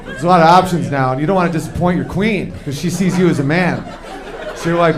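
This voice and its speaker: A man doing a stand-up comedy routine in a fairly high voice. He tells stories with lively energy and keeps jumping into acted-out quotes of men and women. He is on a club stage with a handheld mic, and the audience laughs along. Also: crowd noise. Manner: animated storytelling, quick shifts into acted-out quotes of men and women.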